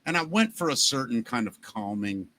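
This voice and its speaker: Bright-voiced Baltimore man, joking host. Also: medium pitch, normal speed, a little hiss or hum. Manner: joking, animated storyteller. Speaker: podcast host. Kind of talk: casual chat.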